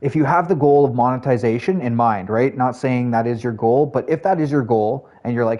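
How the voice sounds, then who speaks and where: A man's voice: mid-range voice, fairly quick, hardly any pauses, mellow, muffled recording. A man streaming live, chatting casually with his viewers in a rambling way with lots of fillers. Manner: chatty, rambling, talks to chat, frequent fillers.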